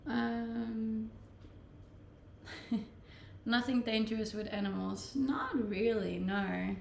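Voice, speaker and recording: A woman's voice: on the high side, fairly even intonation, extremely slow, creaky, slight background noise. A young woman from Scandinavia with a Scandinavian accent, chatting playfully with her viewers as a streamer and laughing often. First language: Scandinavian language. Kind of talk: casual chat reading out viewer messages. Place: Australia, Gold Coast. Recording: echoey room.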